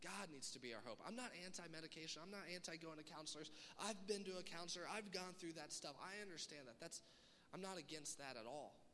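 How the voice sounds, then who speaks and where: Young guy preaching, highish bright voice, big echoey hall. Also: quick pace, slight background noise. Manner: animated, acts out quoted voices. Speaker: youth pastor. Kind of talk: sermon. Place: church hall.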